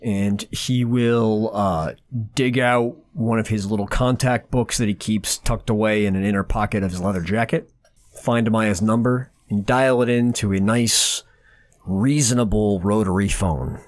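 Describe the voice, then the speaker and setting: A man's voice: fairly low pitch, fairly even intonation, unhurried. A man playing a tabletop game, describing his character's actions and talking casually in character. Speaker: player.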